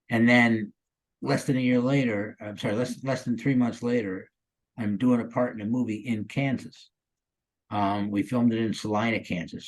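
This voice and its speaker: A man's voice: lowish voice, a little mellow, poor audio. A man in his sixties from the Chicago area, a guest actor telling stories in a casual interview, rambling and upbeat with lots of "you know" and "um". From Chicago area, USA. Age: 60s.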